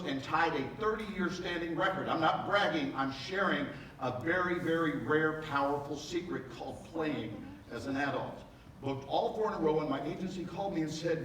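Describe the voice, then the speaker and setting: A man in his sixties giving a live motivational talk, telling comic stories in a playful, animated way with bursts of emphasis. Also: fairly high pitch. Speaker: motivational speaker. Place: large event hall before a live audience. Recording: echoey hall, from far off, with noise.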